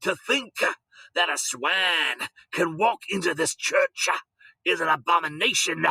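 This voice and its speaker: A pompous, indignant preacher, voiced by a man reading a storybook aloud. He thunders in a raised, slow, trembling voice, as if calling down judgment from the pulpit. The recording is dry and close. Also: animated, creaky, pushed and bright, breathy edge, no echo, full character voice. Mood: outraged. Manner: booming, slow, preachy declaiming.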